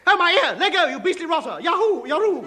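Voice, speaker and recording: A man's voice: very high voice, very animated, moderate pace. A man playing a timid, eager-to-please new boy at a boarding school in a 1950s radio comedy. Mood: whining. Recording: hissy old radio broadcast recording.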